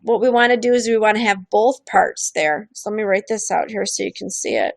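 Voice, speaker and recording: A woman's voice: mid-range voice, steady tone, brisk, gravelly, dry recording. A woman hosting a streamed show, explaining ideas in a candid, casual way and acting out quoted voices, with frequent restarts.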